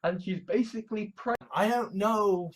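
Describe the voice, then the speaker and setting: A woman's voice: medium pitch, moderate pace, slightly rough. A woman vlogging, ranting bluntly and swearing constantly as she comments. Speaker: video blogger.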